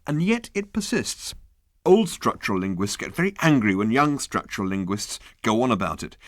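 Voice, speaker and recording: A man reading an audiobook aloud with wry, deadpan humor. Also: medium pitch, dry recording, studio quality. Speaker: audiobook narrator. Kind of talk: scripted narration.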